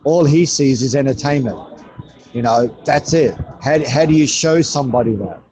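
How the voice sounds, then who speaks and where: A man's voice: medium pitch, moderate pace. A man co-hosting a podcast, speaking in an emphatic, affirming way in casual chat. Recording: distant mic with loud music behind.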